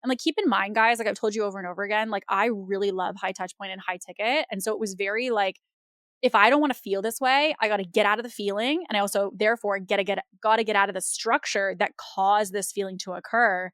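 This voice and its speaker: A woman hosting a podcast, talking in a casual, animated and rambling way with lots of fillers. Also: medium pitch, quick pace, dry recording, clean studio sound. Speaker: podcast host. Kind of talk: casual conversational interview.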